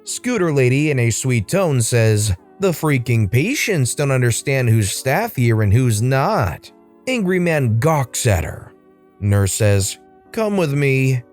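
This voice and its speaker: Casting: male storytime host, mid-pitched voice, conversational, faint music behind. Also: a little mellow. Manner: friendly, conversational sign-off. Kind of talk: reading Reddit stories aloud.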